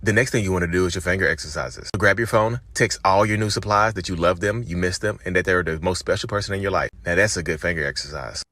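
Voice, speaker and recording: Man voicing a smug narcissist, workout tutorial, comedic sketch, fast, mocking sing-song patter. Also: low-pitched, sharp tone, no room sound. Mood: smug instructor. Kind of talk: comedic short video sketch.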